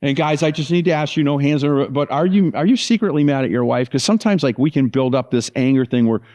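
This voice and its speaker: A man's voice: medium pitch, fast, a little mellow. A middle-aged man preaching as a pastor, telling stories with lots of asides and fillers. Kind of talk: sermon.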